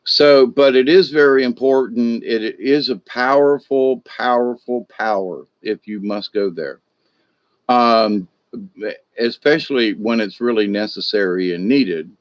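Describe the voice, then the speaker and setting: A man's voice: mid-range voice, measured pace, dry recording, dull audio. Rambling folksy man, dry close sound. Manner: rambling, repeats himself, folksy. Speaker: spiritual discussion host. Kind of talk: casual spiritual talk.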